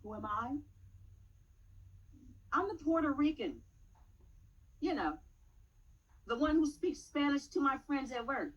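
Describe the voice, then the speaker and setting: A woman giving a dramatic poetry recitation at a public meeting, measured, with pointed pauses and rising emphasis. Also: sits high, expressive, highs cut off.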